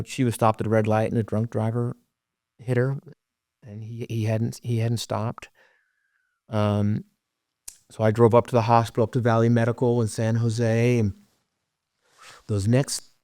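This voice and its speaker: A middle-aged man telling his own story as a podcast guest, earnest and halting, often dropping to a hush. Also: on the low side, flat delivery, dry recording, clean studio sound. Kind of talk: personal storytelling.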